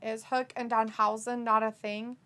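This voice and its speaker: A woman's voice: on the high side, level tone, moderate pace, fairly bright tone, clear, resonant tone. A woman, co-hosting a wrestling watch-along, reading chat messages aloud, teasing and laughing often.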